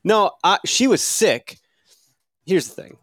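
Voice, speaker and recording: A man hosting a podcast, telling a story in casual chat in a self-mocking, animated way and swearing freely, recorded in a studio. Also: sits high, takes it slowly, no echo. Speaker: podcast host.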